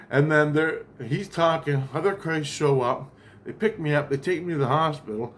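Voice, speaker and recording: A man's voice: on the high side, moderate pace, a little hiss or hum. A man telling a long account of a dream in a rambling, profane way, with many restarts and asides. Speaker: vlogger.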